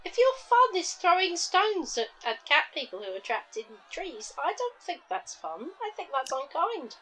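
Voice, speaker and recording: A woman's voice: very high voice, very animated, moderate pace, fairly bright tone. A woman player speaking in a prim, scolding way in a tabletop game.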